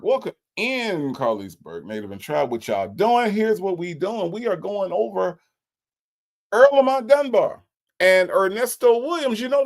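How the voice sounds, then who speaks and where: A man hosts a casual live stream, reading viewers' comments aloud. His voice has a gravelly, fry-tinged edge, and his pitch swings widely as he repeats himself in disbelief. His talk is loose and full of stammered restarts. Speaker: live stream host reacting to a phone call.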